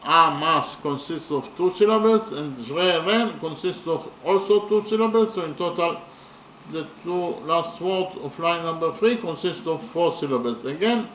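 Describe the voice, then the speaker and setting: A man giving a slow, methodical lecture on poetry, pausing often with fillers as he counts through each line. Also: fairly high pitch, animated, a bit bright. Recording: echoey room with faint ambient noise.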